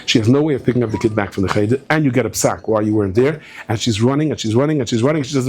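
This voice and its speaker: Animated rabbi telling stories from the pulpit. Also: male voice, very fast, hardly any pauses, breathy edge. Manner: animated storyteller, swinging from soft asides to high excited outbursts. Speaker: rabbi giving a guest talk. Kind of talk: storytelling sermon. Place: synagogue hall.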